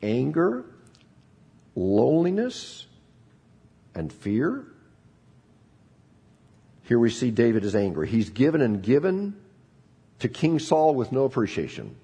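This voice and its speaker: Middle-aged pastor guy, lively swooping voice, a bit husky, animated sermon storytelling. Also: mid-range voice, takes it slowly, long pauses. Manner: animated storytelling with frequent restarts.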